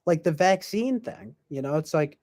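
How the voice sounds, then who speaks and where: A man's voice: on the high side, lively intonation, normal speed, a little mellow, no room sound. A man hosting a podcast, talking in a casual, rambling way with lots of fillers and restarts. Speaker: podcast host.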